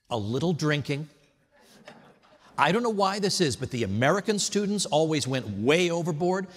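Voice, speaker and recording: A man giving a prepared tribute speech at an event, telling stories in a wry, animated way. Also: medium pitch, in a large hall. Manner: wry, animated storytelling with mock voices. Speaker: speaker at an institute event. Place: hotel event hall.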